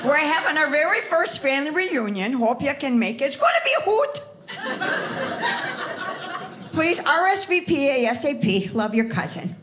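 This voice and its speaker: A woman's voice: high-pitched, big pitch swings, a little fast, hardly any pauses. A woman voicing a nosy, nagging female cousin with a thick Wisconsin accent and a folksy, condescending manner. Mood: chirpy. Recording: noisy live comedy stage.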